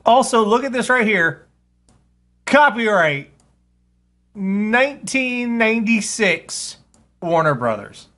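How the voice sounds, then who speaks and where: A man's voice: very high-pitched, slow pace, pauses often, pushed and bright. A man hosting a casual live radio show, rambling and sarcastic, swearing freely as he talks.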